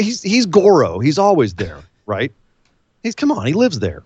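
Animated man recapping with incredulous outbursts. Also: normal speed, slightly rough, no echo. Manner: animated, bursts into high incredulous outbursts and laughter. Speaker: podcast co-host. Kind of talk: casual wrestling podcast chat. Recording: dull lo-fi audio.

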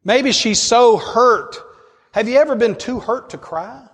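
A man preaching with a high, ringing voice that climbs into passionate cries and sinks into hushed retelling. His words trail off into the long reverb of a big hall. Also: measured pace, slightly rough. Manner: impassioned, swings between soaring high cries and low hushed storytelling. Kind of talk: sermon.

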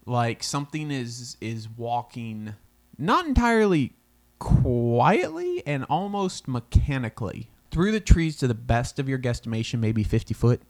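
A man narrating as game master in a tabletop game, relaxed and quick to laugh. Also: mid-range voice. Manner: relaxed, laughs often, easygoing.

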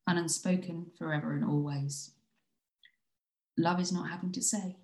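A woman reading her own spoken-word poem in a slow, soft, intimate way. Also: fairly low pitch, steady tone, reverberant, low-quality recording. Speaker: writer reading her piece.

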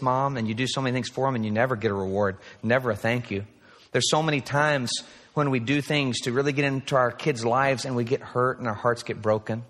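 A man's voice: medium pitch, a bit bright. A man in his forties delivers an earnest sermon full of personal stories. His voice rings with long reverb from a large hall, sounding like a replayed recording. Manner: earnest, storytelling. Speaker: pastor.

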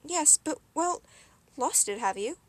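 A woman's voice: sits high, lively intonation, unhurried, dry recording, pitched above the performer's own voice. A woman voicing a sardonic male demon in serpent form, speaking in a wry, sarcastic way.

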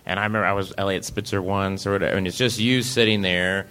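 A comedian telling lively anecdotes at a live venue, slipping into voices as he goes. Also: sits low, quick pace, clear, resonant tone. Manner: animated, breaks into voices and laughs. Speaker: comedian, guest on a live talk show.

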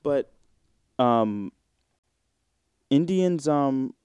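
A man's voice: medium pitch, animated, extremely slow, a little mellow, clear, resonant tone, dry recording. A man in his twenties hosting a casual solo podcast, rambling in slang with plenty of fillers and swearing. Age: 20s. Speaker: podcast host.

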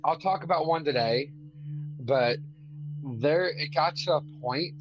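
A man's voice: on the high side, a little slow, long pauses. A man from Arkansas co-hosting a casual podcast, a laid-back storyteller who fills his talk with fillers. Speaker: podcast co-host. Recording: dull lo-fi audio with loud music behind.

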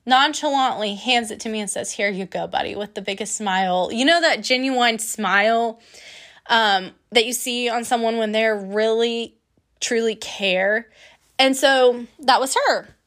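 A young adult woman telling a candid personal story in a lively, emotional way, acting out what her friends said. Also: fairly high pitch, unhurried. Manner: candid, emotional, lively retelling with quoted voices.

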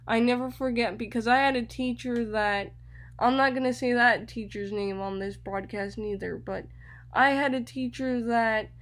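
A young woman with a fairly high voice hosts a radio show. She tells personal stories in an animated way, often repeats her words, and acts out the voices of the people in them.

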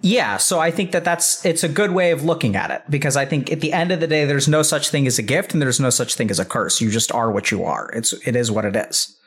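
Calm man coaching with measured talk. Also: mid-range voice. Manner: measured, repeats yep, coaching tone. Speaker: host giving advice on the mind. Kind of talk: calm explanatory conversation.

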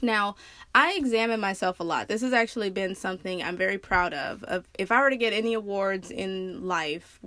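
A woman hosting her own podcast, talking casually and candidly, laughing often and swearing freely as she tells stories with big jumps in pitch. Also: a bit bright, no room sound. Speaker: podcast host. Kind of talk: casual personal monologue.

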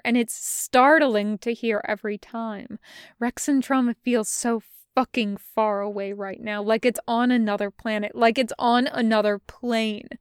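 A woman reads fan fiction aloud in a soft, intimate way. Her pace is unhurried and her voice smooth, recorded dry and close. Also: mid-range voice, fairly even intonation, no room sound. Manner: slow, soft, intimate reading. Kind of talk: audiobook narration of fan fiction.

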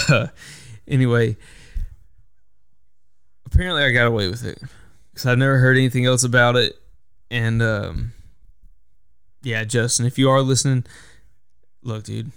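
A man's voice: mid-range voice, creaky, fairly bright tone, clear, resonant tone, dry recording. Podcast host, young adult man, casual solo storytelling, swears freely and rambles, clean resonant voice, close and dry. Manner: rambling, profane, self-correcting storyteller.

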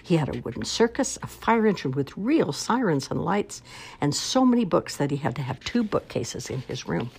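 Low lively woman reading a kids story aloud, sing-song and expressive, goes up and down a lot. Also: normal speed, gravelly, a little hiss or hum. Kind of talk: children's story read-aloud.

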